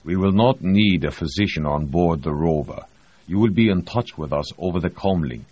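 A man's voice: low voice, expressive, moderate pace, dry recording. A man voicing a stubborn, weakened male cosmonaut commander who speaks in firm, formal, clipped sentences, on a dull lo-fi recording.

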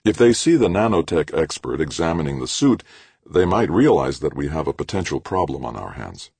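A man voicing a smooth, polite male official in an audiobook. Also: rumbling low, big pitch swings, fairly quick, darkish tone, dry recording, exaggerated voice. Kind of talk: audiobook character voice.

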